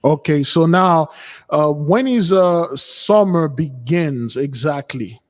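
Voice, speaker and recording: A man's voice: fairly high pitch, expressive, slow. A man giving an informal sermon-style talk, emphatic and repetitive in how he drives his points home. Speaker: spiritual teacher. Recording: long hall reverb.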